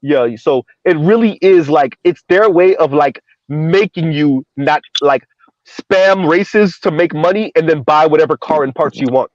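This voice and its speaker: Guy hosting an online panel, rambly, kinda high voice, muffled dry audio. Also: unhurried, no echo. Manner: rambling, restarts often. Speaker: show host. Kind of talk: casual panel chat.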